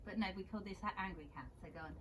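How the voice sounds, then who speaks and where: A young woman, gently guiding children through a yoga class with steady encouragement. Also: medium pitch, racing, crowd noise. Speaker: kids yoga teacher.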